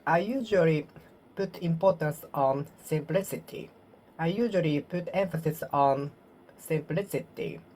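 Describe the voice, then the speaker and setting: A woman with a low voice practices English alone in a self-study monologue. Her first language is Japanese. She talks slowly, repeats words and corrects herself, over a faint hiss. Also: darkish tone. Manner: slow, repetitive, self-correcting practice speech.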